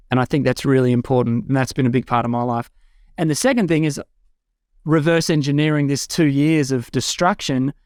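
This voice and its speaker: A man's voice: fairly high pitch, smooth, no echo, clean studio sound. A man, a guest telling his life story in a frank, earnest way. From Australia. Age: 40s. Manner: earnest, frank storytelling that lifts into excited self-quotes. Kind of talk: personal life story told in conversation. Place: home room with a bookshelf.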